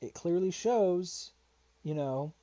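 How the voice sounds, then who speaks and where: The audio is dull, and the man's voice is high-pitched yet dark in tone, expressive and slow. He's streaming a response video, rambling casually, and while searching he gets frustrated and swears and mutters to himself.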